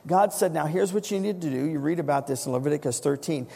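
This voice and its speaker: A man preaching a sermon, building to dramatic shouts when he quotes scripture. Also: on the high side, fast, creaky, breathy edge. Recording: long reverb of a church hall.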